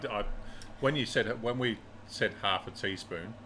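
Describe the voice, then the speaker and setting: A man's voice: on the low side, moderate pace, pushed and bright, slight background noise. An Australian man co-hosting a casual chat show, bantering in a matter-of-fact way. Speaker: podcast co-host.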